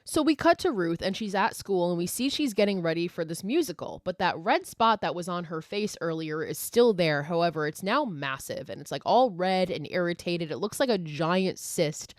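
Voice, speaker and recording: A woman hosting a podcast, retelling a film scene by scene in loose, casual chat. She swears freely and fills her sentences with "like". Her voice sits a little low, and the sound is dry and close. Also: animated, moderate pace, hardly any pauses, no echo. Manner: chatty, swears freely, heavy use of "like". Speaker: podcast host.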